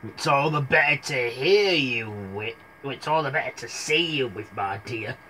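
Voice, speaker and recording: A man voicing a crude, impatient Big Bad Wolf in a comic storybook retelling, in a gruff and slightly lowered voice. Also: animated, measured pace, bright, forceful tone, slight background noise. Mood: sly.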